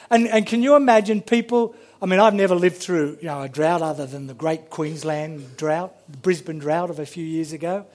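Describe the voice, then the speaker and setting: Casting: male preacher, high voice, lively sermon delivery with repeated words. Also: moderate pace, hardly any pauses. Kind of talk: sermon with Bible reading.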